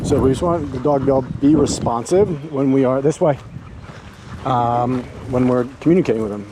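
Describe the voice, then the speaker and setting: A man's voice: mid-range voice, a little fast, background noise. Chatty dog trainer man vlogging outdoors. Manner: chatty, talks to his dogs between remarks. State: out of breath. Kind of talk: casual vlog narration while walking and driving. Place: outdoors on a beach walk near a road, then in a car.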